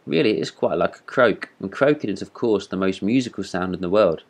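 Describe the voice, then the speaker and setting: A man's voice: low-pitched, expressive, a little fast. A man reading a storybook voicing a talkative, self-satisfied male frog who boasts cheerfully. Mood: chatty.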